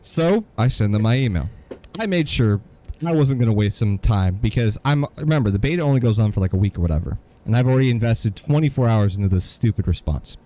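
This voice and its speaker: A man's voice: on the low side, animated, fast talker, warm tone. A man co-hosting a podcast, telling a story in an exasperated, sarcastic rant. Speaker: podcast co-host. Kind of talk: casual ranting podcast chat.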